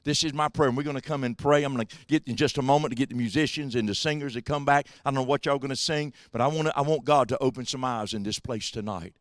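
A man preaching a sermon as pastor, swinging between quiet asides and shouted exhortations. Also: mid-range voice, fast talker, hardly any pauses, no room sound, studio quality. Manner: swings from hushed to shouting, drawling preacher cadence. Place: church sanctuary.

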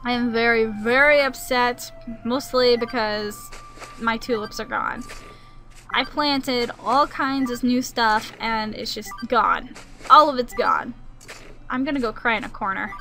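A woman's voice: a little high, measured pace, sharp tone, faint music behind. A young woman talking casually over her gameplay, chatty and easily exasperated, grumbling when things go wrong. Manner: chatty, sings to herself, turns exasperated and grumbling. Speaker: gaming channel host. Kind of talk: let's play commentary.

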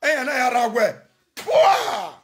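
A Nigerian man on a phone live video, ranting and chanting loudly, often shouting and switching between Pidgin and local languages. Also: very high-pitched, expressive, moderate pace. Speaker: social media personality on a live video. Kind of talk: animated live-stream rant and chanting.

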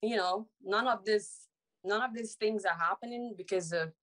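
A woman's voice: mid-range voice, normal speed, fairly bright tone, rough recording. Hesitant young woman from Sierra Leone. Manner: hesitant, many fillers and restarts. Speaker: reality show applicant. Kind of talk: audition interview.

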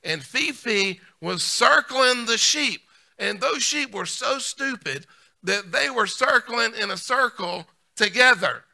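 A man pastor preaching a sermon, emphatic, repeating key lines and swinging between loud punches and soft asides. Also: very high-pitched, lively intonation, slow, gravelly.

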